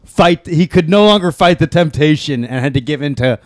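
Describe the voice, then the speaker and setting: A man's voice: fairly high pitch, animated, brisk, dry recording, clean studio sound. A young man co-hosting a podcast, profane and mocking in rambling casual banter. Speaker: podcast co-host.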